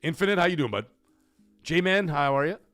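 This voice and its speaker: A man's voice: fairly high pitch, animated, moderate pace, fairly bright tone, no room sound, soft background music. A man hosting a casual live stream, talking animatedly, swearing freely and reading viewer messages aloud. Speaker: livestream host.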